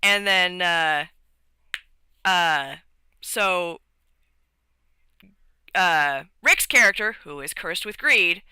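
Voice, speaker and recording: Rambling streamer with a bright voice. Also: mid-range voice, animated, very slow, pauses often, clean tone, dry recording, low-quality recording. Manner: rambling, many fillers and restarts. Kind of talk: casual recap of a tabletop game session.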